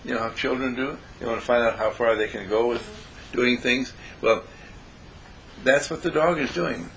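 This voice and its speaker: A man telling a story in an animated way, acting out the quotes and drawing a lesson from it. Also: medium pitch, normal speed, a little hiss or hum, low-quality recording. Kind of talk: storytelling talk with moral.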